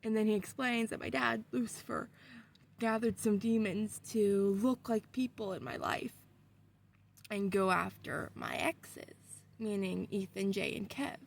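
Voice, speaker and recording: A woman vlogger telling a story in casual, excitable talk, swearing often. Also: medium pitch, measured pace, creaky.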